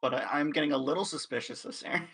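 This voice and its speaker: Husky gravelly guy at a game table, bright edge, stumbles over his words. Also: a little high, fast talker, poor audio. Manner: hesitant, stammering restarts. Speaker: player. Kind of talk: casual chat at a tabletop game.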